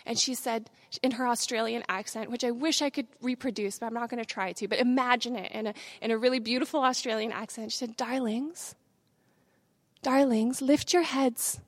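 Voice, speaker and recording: A young woman preaches her own testimony to a congregation in a high voice. She drops to near whispers for painful parts and rises to loud, rapid preaching at others. The sound is dry and close, with no room echo. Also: steady tone. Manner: swings from hushed confession to loud, fast preaching. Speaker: speaker giving testimony. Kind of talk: sermon testimony.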